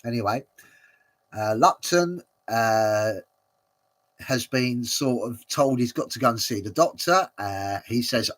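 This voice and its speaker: A man's voice: mid-range voice, animated, slow pace, a bit bright. A man hosting a watch-along, commenting casually and rambling with many fillers and frequent chuckles.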